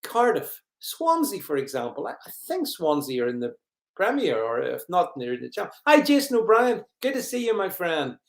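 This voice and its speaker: Mocking live-stream host, high-pitched male voice, rambling sarcasm, echoey room. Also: huge pitch swings, moderate pace, gravelly. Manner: rambling, mocking, greets viewers. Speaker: livestream host.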